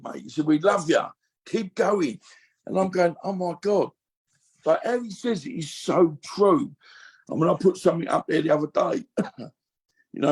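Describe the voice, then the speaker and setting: A man's voice: a little high, a little mellow, slightly rough. A middle-aged man talking candidly on a podcast, rambling with many fillers and restarts. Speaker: guest.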